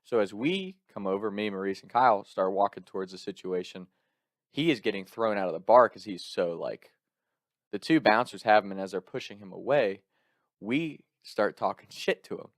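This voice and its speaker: A young man casually telling a personal story in an animated way, laughing often and swearing freely. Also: on the low side, normal speed, no room sound, clean studio sound.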